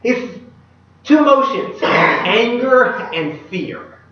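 A man preaching a sermon, retelling a Bible story in an animated way and putting questions to his listeners. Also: sits high, unhurried, slight background noise. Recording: echoey, distant, dull room recording.

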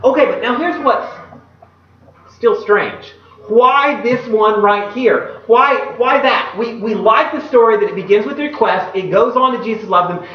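A male pastor giving a sermon and reading scripture aloud. He acts out the quoted speech in a casual modern voice and drops to a hushed voice at solemn moments. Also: very high voice. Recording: echoey hall, distant mic, dull sound.

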